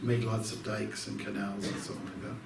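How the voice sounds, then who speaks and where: Gravelly-voiced monk, distant in a hall. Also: male voice, fairly low pitch, flat delivery, brisk. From Canada. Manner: rambling storytelling with many fillers and restarts. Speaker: monk giving an evening talk. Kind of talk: informal devotional talk. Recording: roomy hall, distant mic, faint noise.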